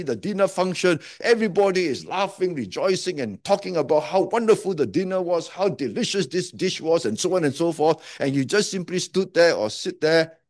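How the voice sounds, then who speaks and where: Male pastor, higher-pitched, dry close sound, conversational sermon full of rhetorical questions. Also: no echo. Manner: asks listeners many rhetorical questions; half-joking, conversational preaching.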